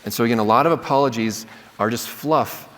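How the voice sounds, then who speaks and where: A man's voice: medium pitch, a little fast, fairly bright tone. A man teaching a class in a conversational way, often checking in with "right?" as he explains a point. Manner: conversational, checks in with "right?", acts out sample apologies. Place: lecture hall. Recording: long hall reverb.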